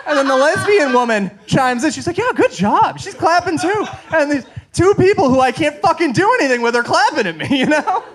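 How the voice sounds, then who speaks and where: A man performs a stand-up set with a high, light voice. He rambles through self-deprecating stories full of fillers and keeps laughing at his own punchlines. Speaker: stand-up comic. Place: comedy show stage.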